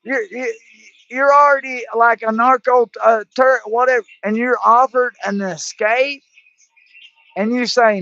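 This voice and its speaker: A livestream host with a very high-pitched, steady, bright voice delivers an angry political rant at an unhurried pace and with a forceful tone. He swears heavily and keeps stumbling into restarts. The audio is dull and lo-fi.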